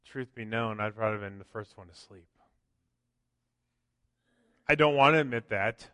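A man's voice: lowish voice, normal speed, sharp tone, no room sound, in a large hall. A man preaching a sermon as pastor, conversational, often tossing in "right?" and acting out quotes. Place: church sanctuary.

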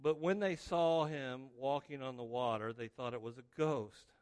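Animated male pastor in a reverberant hall. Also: medium pitch, moderate pace. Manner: animated storytelling, acts out the scenes. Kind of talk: sermon. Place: church sanctuary. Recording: long reverb of a large hall.

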